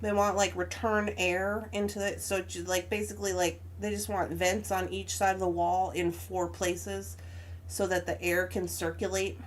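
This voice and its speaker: A young woman hosting a crafting stream tells a casual story at normal speed, her fairly low voice delivered flatly. She laughs frequently and performs both sides of an argument.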